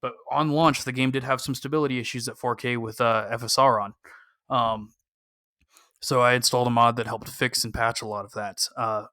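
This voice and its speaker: A man chatting on a gaming podcast in a bright, crisp voice. He gives cautious, opinionated advice with lots of "um" fillers, recorded close and dry. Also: mid-range voice, steady tone, normal speed, no echo. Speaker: podcast co-host. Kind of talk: casual podcast discussion.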